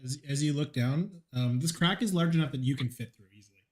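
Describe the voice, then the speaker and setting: A man's voice: fairly high pitch, fast talker. Laid-back male game master. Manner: casual, hesitant with many ums and likes. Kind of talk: narrating a tabletop game.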